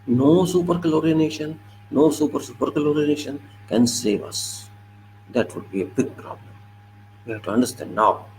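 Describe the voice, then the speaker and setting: A man's voice: fairly high pitch, normal speed, darkish tone, slight background noise, rough recording. A man with an Indian English accent giving an emphatic, lecturing political commentary monologue and repeating his points.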